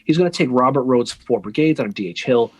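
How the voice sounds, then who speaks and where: A man's voice: medium pitch, animated, fast talker, husky, no echo. A man co-hosting a casual history podcast, telling the story with jokes, asides and restarts. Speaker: podcast co-host.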